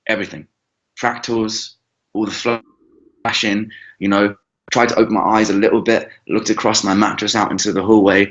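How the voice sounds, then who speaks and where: A man telling a long personal story as an interview guest, rambling and halting, with frequent restarts and swearing. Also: on the low side, fairly bright tone. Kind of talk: casual storytelling. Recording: dull lo-fi recording.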